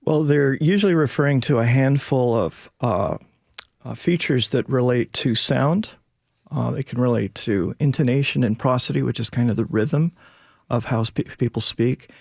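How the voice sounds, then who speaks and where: A man's voice: medium pitch, normal speed, creaky, dry recording, clean studio sound. A male linguistics professor explaining things in a radio interview, with many fillers.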